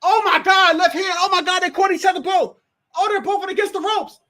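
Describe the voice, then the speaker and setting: A livestream host giving live, excitable commentary while watching a fight, often exclaiming, swearing freely, and talking straight to the fighters and referee. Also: very high voice, a little fast. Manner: reads viewer messages aloud.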